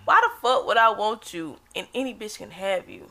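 A woman's voice: mid-range voice, lively intonation, moderate pace, bright, forceful tone. A young woman talking bluntly and emphatically in a casual chat, swearing freely.

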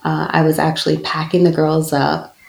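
A woman in her thirties speaks low and earnest, her voice heavily gravelly with fry. The sound is roomy and echoey around her as she tells a personal story in an interview. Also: monotone, normal speed. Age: 30s. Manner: earnest, personal, with soft laughs. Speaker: guest, spiritual speaker. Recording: echoey room.

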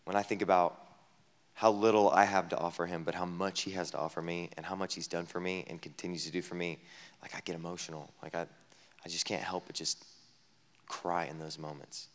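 A man preaching a sermon as a pastor at a camp gathering, talking conversationally with many rhetorical questions, dropping to a hush and then rising loud. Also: deep voice, flat delivery, a little fast. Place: camp meeting hall. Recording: long hall reverb.

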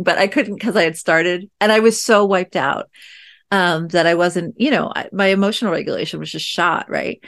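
A woman in her thirties hosting a podcast, telling a personal parenting story in a chatty, reflective way with many fillers. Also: fairly low pitch. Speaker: podcast host and parent coach. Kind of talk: casual storytelling monologue.

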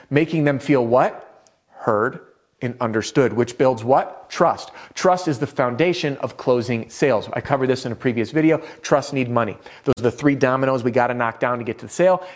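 A man with a voice of ordinary pitch gives a sales lesson straight to the viewer. He talks in an upbeat, direct coaching manner. Self-conscious chuckles sometimes break in between his points. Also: moderate pace. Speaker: roofing sales trainer. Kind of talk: instructional video talk.

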